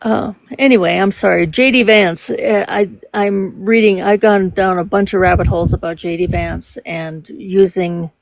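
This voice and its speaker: A woman in her fifties with a Minnesota accent, chatting casually on a live stream and filling pauses with um and uh. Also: mid-range voice, fairly even intonation, creaky, dry recording. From Minnesota, USA. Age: 50s. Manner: conversational, laughs easily, trails off with fillers. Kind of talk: casual chat.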